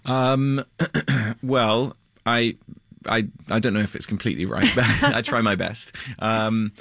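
Deep-voiced male actor, halting, laughs easily, dry close sound. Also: fairly even intonation, creaky, a bit bright, dry recording. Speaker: actor guest. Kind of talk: casual interview talk.

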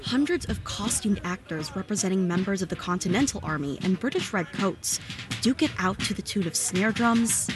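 A woman reporter narrating a scripted radio news feature in a steady, storytelling delivery. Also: mid-range voice, moderate pace.

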